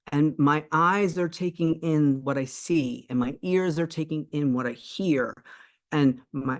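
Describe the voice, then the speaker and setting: A deep-voiced woman coach delivers a spiritual self-help talk in an earnest, explanatory way. She often restarts her phrases and checks in with a quick "right?"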